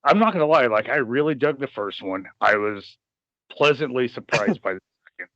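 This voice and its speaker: A man's voice: mid-range voice, animated, a bit bright, no echo. Man, casual podcast co-host, swears a lot, dull lo-fi mic, dry sound. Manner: swearing, reads news out haltingly. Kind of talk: casual chat.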